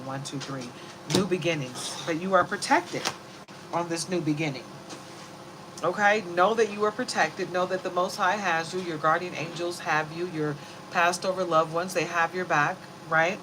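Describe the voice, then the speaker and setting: Woman chatting through a zodiac reading, lowish voice, rambly, noise behind her. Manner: rambling, chatty, laughs easily. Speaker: tarot reader.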